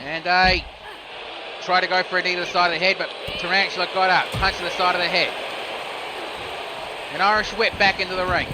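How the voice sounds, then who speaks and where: A man's voice: high-pitched, little pitch movement, brisk, pauses often, noisy background. A man doing solo play-by-play commentary of a video game wrestling match, calling each move steadily and rising sharply on near falls and reversals.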